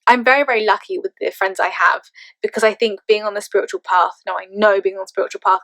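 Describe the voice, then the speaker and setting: A woman's voice: mid-range voice, a bit bright, dry recording. A woman in her twenties with an English accent, chatting casually and playfully as she answers tag questions for her vlog, often laughing. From England. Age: 20s. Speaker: vlogger.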